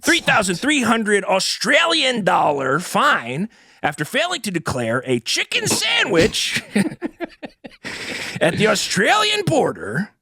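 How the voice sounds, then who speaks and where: A man's voice: high-pitched, huge pitch swings, slow, creaky, pushed and bright, slightly rough, no echo, studio quality. A man hosting a comedy podcast, reading a news story aloud in an over-earnest announcer manner. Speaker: podcast host. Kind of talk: comedic mock-news talk show.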